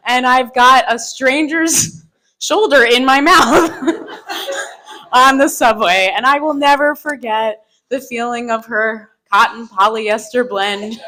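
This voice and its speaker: A woman telling a self-mocking personal story live on stage into a microphone, animated and often laughing through her lines. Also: on the high side, slight background noise, poor audio. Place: live stage before an audience.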